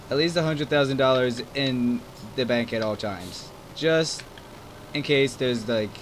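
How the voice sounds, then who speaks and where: Casual male gaming host, chatty and rambling, jokes at himself, faint tractor game hum under the voice. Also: mid-range voice. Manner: rambling, self-deprecating, chatty. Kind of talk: casual gameplay commentary. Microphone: desk microphone. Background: farm game engine sounds.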